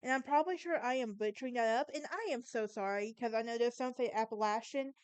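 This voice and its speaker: A young Southern woman from Alabama hosts a casual solo podcast, chatting her way through a story in a fairly high, fast voice. Her tone is clean with no echo, and she often stumbles over words and corrects herself.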